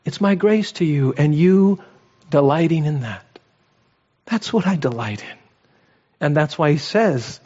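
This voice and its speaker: A man preaching a sermon in an emphatic style, repeating phrases for emphasis and swinging between raised exhortation and low, quiet lines. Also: normal speed, big-room sound, dull audio.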